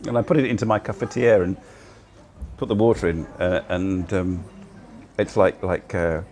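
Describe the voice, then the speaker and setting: A man's voice: sits low, fairly even intonation, moderate pace, darkish tone. A middle-aged man chatting casually on a livestream from a cafe, laughing often and poking fun at himself, recorded on a laptop mic. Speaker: livestream host.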